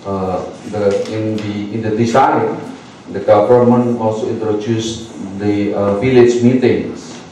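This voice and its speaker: A man, speaking slowly and haltingly with many fillers and restarts as he comments at a seminar. His voice is low and mellow. He is picked up from across an echoey seminar room by a distant mic. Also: a little hiss or hum. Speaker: seminar discussant.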